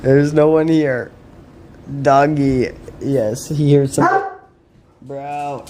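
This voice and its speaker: A man's voice: a little high, sing-song, slow pace, pauses often, mellow, a little hiss or hum. A man casually chatting while he plays, laid-back and chuckling, talking to himself and his dog. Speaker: streamer. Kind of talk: casual gameplay chat.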